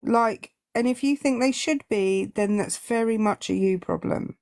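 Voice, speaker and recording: A woman on a live panel, explaining consent in a deliberate, firm way. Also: fairly high pitch, a little mellow, no room sound, clean studio sound. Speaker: panelist who teaches consent. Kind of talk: casual live-stream chat.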